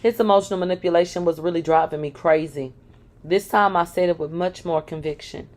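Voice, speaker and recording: A woman reads a first-person memoir aloud in a fairly low voice. She is frank, and she breaks in with dry, sarcastic asides. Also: a little fast, darkish tone. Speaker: reader of a memoir.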